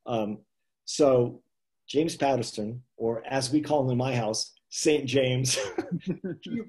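Author guy telling stories, lots of "you know", chuckling, medium pitch. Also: slow pace. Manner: animated anecdotes with many "you know" asides and chuckles. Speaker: author guest. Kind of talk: casual storytelling on a live video chat.

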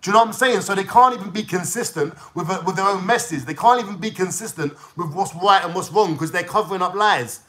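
A man's voice: high-pitched, fast, few pauses, sharp tone. A young man from London with a London accent, ranting to his viewers in a heated, swearing, slang-heavy monologue.

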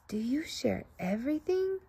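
Woman voicing a happy young boy bunny, eager and bouncy, highish husky voice, storybook. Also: very animated, moderate pace, mellow, heavily acted. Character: cheerful smiling young male bunny.

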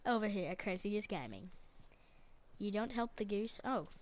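A woman hosting a gaming channel, giving excitable running commentary to herself and her teammates as she plays. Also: mid-range voice, moderate pace, a little hiss or hum. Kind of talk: live gameplay commentary.

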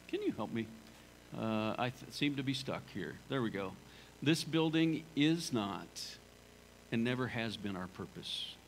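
A man's voice: medium pitch, fairly bright tone, a little hiss or hum, low-quality recording. A male pastor preaching a sermon in a church sanctuary, talking in a conversational, storytelling way and repeating phrases for emphasis.

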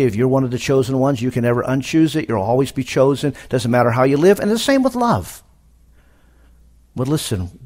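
A middle-aged man preaching a sermon at a conference, animated, with sudden loud emphatic rises. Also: medium pitch. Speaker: pastor. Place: conference hall.

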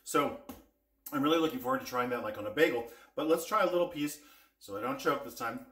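A man's voice: mid-range voice, fast, a bit bright, roomy sound. A man hosting a casual cooking vlog, chatting with viewers and tasting spice blends with eager enthusiasm. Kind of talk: casual taste-test vlog.

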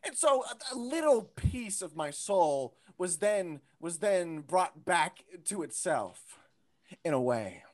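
A young man performing a stand-up comedy set, theatrical and mock-grandiose, often bursting into shouts. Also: high-pitched, very animated, slow pace.

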